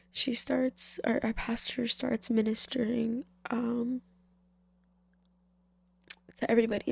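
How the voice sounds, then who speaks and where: A young woman giving an emotional personal faith testimony in a casual way, soft-spoken, often dropping to a whisper, with many fillers, tearful. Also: a little high, gravelly, breathy edge, no echo.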